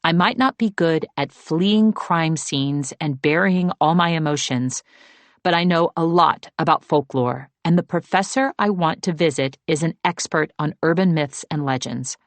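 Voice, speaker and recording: A woman's voice: low voice, moderate pace, no room sound. A woman reading an audiobook, voicing an anxious young woman who speaks urgently and pleads. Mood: pleading.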